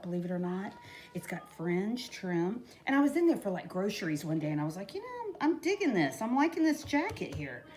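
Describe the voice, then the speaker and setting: A woman's voice: on the low side, a little mellow. A middle-aged woman chatting folksily through a craft tutorial, talking to her viewers as y'all. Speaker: crafting vlogger. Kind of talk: casual craft tutorial chat.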